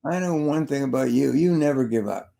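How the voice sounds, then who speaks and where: A man's voice: mid-range voice, fairly quick, creaky, mellow. A man, a sales trainer and motivational speaker, telling stories in an interview and repeating his key phrases for emphasis. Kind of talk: interview storytelling.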